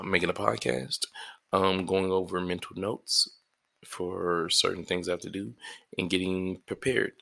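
This man has a low-pitched voice with vocal fry and a fairly bright tone. A stand-up comic hosting his podcast solo from his apartment, he's yawning and drowsy in the early morning, delivering a rambling, profane, self-deprecating monologue.

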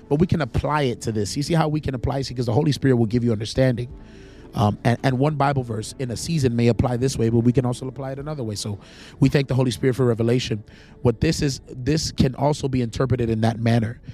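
A man's voice: medium pitch, mellow. A young man preaching outdoors in the cold, earnest and pleading, repeating lines for emphasis, a bit congested. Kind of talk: outdoor video sermon. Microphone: camera facing the speaker.

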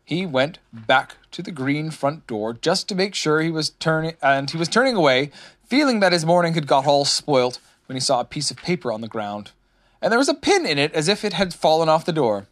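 A man narrating a children's storybook in a lively, expressive way, voicing many characters. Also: a little high, brisk. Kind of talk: storybook reading.

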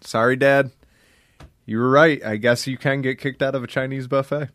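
A man's voice: mid-range voice, moderate pace, no echo. A young man co-hosting a casual podcast, joking and swearing freely as he tells stories. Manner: profane, joking, animated storytelling. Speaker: podcast co-host. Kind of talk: casual chat.

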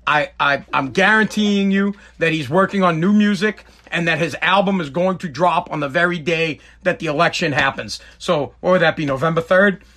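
A man's voice: fairly high pitch, moderate pace, few pauses, bright, forceful tone. A middle-aged man, hosting a podcast in a blunt, emphatic casual monologue that repeats points for effect. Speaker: podcast host.

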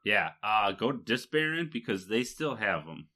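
A man's voice: lowish voice, very animated, moderate pace, sharp tone. A man from Michigan co-hosting a podcast, chatting casually in a rambling way with fillers and laughs. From Michigan, USA. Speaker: podcast co-host. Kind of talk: casual chat.

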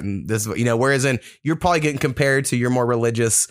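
A man hosting a podcast in a loose, rambling way, swearing freely and piling on fillers as he tells stories. His voice sits at an ordinary middle pitch. The sound is dry and close, with no room around it. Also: quick pace, smooth, no room sound. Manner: loose, profane storytelling with many fillers. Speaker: podcast host. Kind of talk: casual podcast chat.

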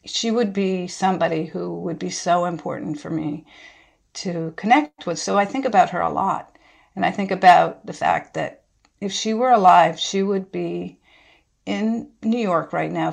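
A middle-aged woman speaking thoughtfully as an interview guest, halting and restarting as she reflects. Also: fairly low pitch, steady tone, vocal fry, a little mellow.

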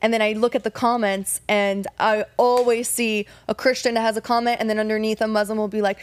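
A woman's voice: fairly high pitch, little pitch movement, fairly quick. A woman co-hosting a podcast, chatting casually in a polite, agreeable way. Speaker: podcast co-host. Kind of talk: casual chat.

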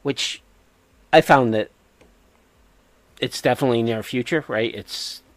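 A man with a New England accent, co-hosting a podcast in casual chat, talking hesitantly with many filler pauses. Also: medium pitch, no echo. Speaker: podcast co-host.

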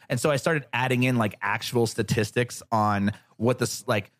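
Animated, swearing man telling stories. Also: medium pitch, moderate pace, few pauses. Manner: animated, profane, acts out quoted voices. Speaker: podcast guest. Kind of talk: casual storytelling interview.

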